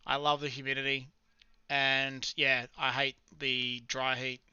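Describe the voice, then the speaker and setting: Aussie bloke rambling on a livestream, bright tense voice, dry slightly muffled sound. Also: male voice, mid-range voice, little pitch movement, unhurried, clear, resonant tone, dry recording. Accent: Australian. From Australia. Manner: chatty, rambling, laughs often, slangy. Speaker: livestream trading host. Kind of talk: casual live-stream chat.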